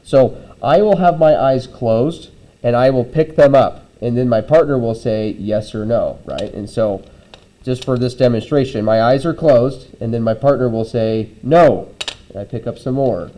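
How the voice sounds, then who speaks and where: Mellow-voiced male teacher giving lab instructions. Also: medium pitch, moderate pace, rough recording. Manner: conversational, frequent "okay?" check-ins and "um" fillers.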